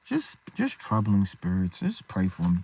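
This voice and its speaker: A man voicing a weary, troubled man beset by spirits, speaking quietly and haltingly, repeating his words. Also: sits low, huge pitch swings, breathy edge, no echo, pitched below the performer's own voice, heavily acted.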